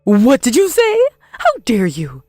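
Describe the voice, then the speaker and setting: A woman's voice: fairly high pitch, wildly swooping pitch, darkish tone, dry recording, studio quality, faint music behind, heavily acted. A woman voicing a shameless older mother-in-law who blames everyone but herself, in a dramatized story. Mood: defiant. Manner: defiant, self-pitying, quick to blame.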